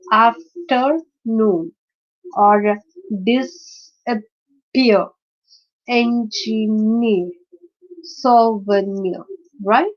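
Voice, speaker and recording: A woman lecturing on word stress, hesitating often and slowly sounding out example words. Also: on the high side, darkish tone, dull audio. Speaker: teacher.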